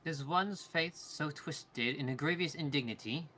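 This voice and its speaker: A man's voice: on the high side, a little slow, sharp tone, a little hiss or hum. A man voicing a formal adventurer who speaks in old-fashioned thee-and-thou phrasing, as a fan reading of game dialogue. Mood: solemn.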